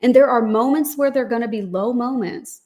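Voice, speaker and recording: A woman's voice: a little high, normal speed, a little mellow. A woman co-hosting a podcast, speaking in an earnest, reflective and affirming way. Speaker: podcast co-host. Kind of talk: casual chat.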